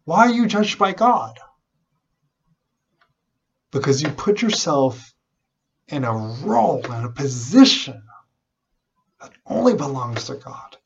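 A man preaching a sermon, animated and unhurried, often restarting his phrases. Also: mid-range voice, slightly rough, lo-fi sound. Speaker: pastor.

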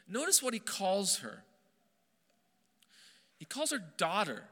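A man preaching a sermon as pastor, earnest and emphatic, slowing down on key phrases and often restarting his words. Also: sits high, sing-song, pushed and bright, big-room sound.

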